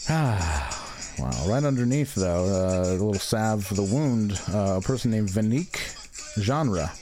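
Low-ish guy riffing on a comedy podcast, cusses a lot, laughs, faint music behind. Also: animated, measured pace, dark tone. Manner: profane, laughing, reads reviews aloud. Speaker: podcast co-host. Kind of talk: casual comedic chat.

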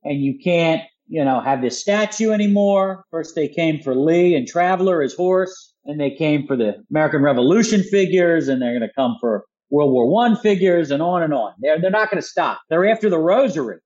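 A man's voice: on the high side, animated, moderate pace, few pauses, darkish tone, highs cut off. A man with a Philadelphia accent, a guest on a talk radio show, making his points in punchy, combative bursts full of rhetorical questions. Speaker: guest author.

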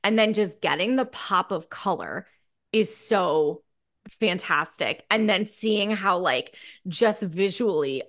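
A woman's voice: medium pitch, slow pace, a bit bright. A woman co-hosting a casual film talk, chatty and full of fillers and restarts. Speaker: podcast co-host.

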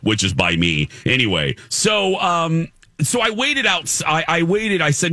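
A man's voice: a little high, measured pace, no room sound, studio quality. A man hosting a talk show in casual chat, telling a story animatedly and acting out what people said. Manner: animated storyteller, acts out quotes.

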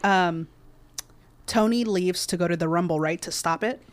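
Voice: mid-range voice, moderate pace. A podcast co-host casually recapping a movie plot, rambling with lots of fillers and restarts.

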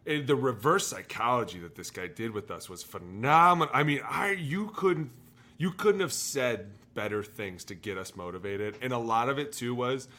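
A man, a former football player, telling animated locker-room stories on a casual podcast, shouting out the lines he quotes. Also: medium pitch, normal speed. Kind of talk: casual storytelling chat.

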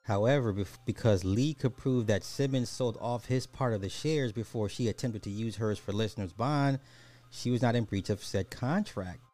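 A man's voice: on the low side, normal speed, darkish tone, faint music behind. A man hosting a podcast of casual social commentary, blunt and slangy, swearing freely as he gives his opinions. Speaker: podcast host.

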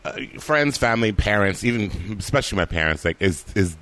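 A man's voice: lowish voice, brisk, clean tone. A man, an actor and comedian, chatting casually and acting out the voices in his stories. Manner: animated storyteller, acts out quoted voices. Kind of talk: casual conversation.

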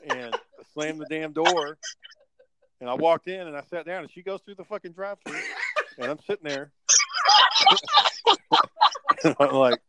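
On the high side and at a measured pace with frequent pauses, a young adult man co-hosts a podcast. He tells rambling, profane stories in casual chat as an animated storyteller, over very noisy audio.

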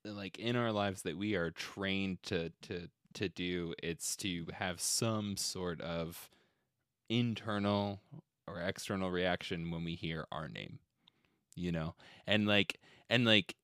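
A low-pitched man hosts in casual chat from a small studio, chatty and quick to laugh. His tone is bright and the sound is dry and close. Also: fairly even intonation, smooth, no room sound. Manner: chatty, laughs, playful voices. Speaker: podcast host.

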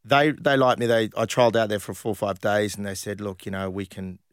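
Man, middle-aged, storytelling interview guest, lowish voice, dry close sound. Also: a little fast, smooth, no echo. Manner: animated anecdotes, acts out quoted voices, laughs often. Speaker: interview guest, former footballer.

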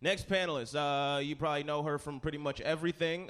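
Deadpan man hosting a comedy stage. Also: a little high, slight background noise. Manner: deadpan, sarcastic, halting with fillers. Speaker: host. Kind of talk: stand-up hosting a comedy panel. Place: live stage before an audience.

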